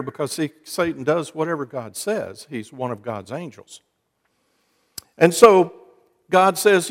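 Preacher guy telling jokes in a sermon, bit high voice, long echo like a big church. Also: animated, takes it slowly, pauses often. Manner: folksy storytelling, wry asides to the congregation. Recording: long hall reverb.

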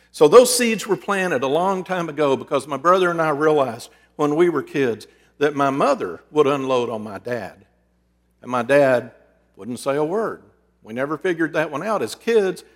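A middle-aged man preaching and counseling, telling personal stories in an earnest, conversational way with sudden shifts between loud and soft. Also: fairly high pitch. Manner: earnest, conversational, with dramatic swings in loudness. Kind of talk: storytelling sermon. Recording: long reverb in a large hall.

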